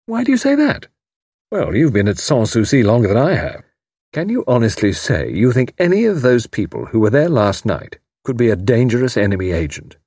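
A man's voice: medium pitch, wildly swooping pitch, fairly quick, darkish tone, slightly rough, dry recording, pitched above the performer's own voice, heavily acted. Man doing a gloomy, dry-witted young man. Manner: dry, sceptical, grave.

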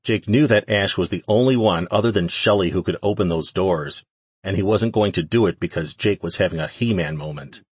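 A man narrating a fantasy audiobook in a steady, even reading. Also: deep voice, fairly quick, slightly rough, no echo. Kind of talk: scripted narration.

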